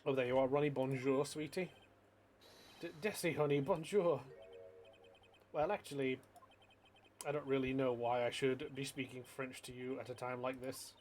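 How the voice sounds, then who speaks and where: A man's voice: medium pitch, steady tone, moderate pace, pauses often, darkish tone, slight background noise, lightly acted. A man voicing a sweet, doting woman in a video game who speaks in a cooing tone. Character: sugary, doting young woman.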